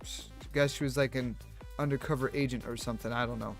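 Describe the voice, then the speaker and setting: A man streaming, telling a story in a rambling, animated way with many restarts and fillers. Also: medium pitch, quick pace, creaky, faint music behind. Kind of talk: casual storytelling on a live stream.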